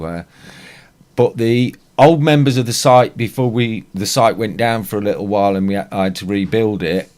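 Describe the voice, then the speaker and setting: A man's voice: sits low, a little mellow. A man co-hosting and producing a podcast, easygoing and self-deprecating in casual chat.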